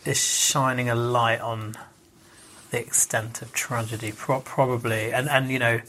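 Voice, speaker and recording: A man's voice: mid-range voice, level tone, a little slow, sharp tone, slight background noise. A man, a podcast guest in casual conversation, who talks hesitantly with lots of restarts and "sort of" fillers.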